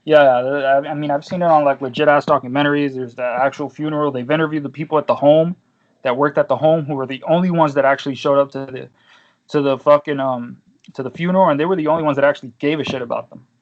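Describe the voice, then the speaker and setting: A man's voice: a little high, steady tone, quick pace, lo-fi sound. A man hosting a casual podcast chat, telling rambling stories full of slang and swearing. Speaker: podcast host.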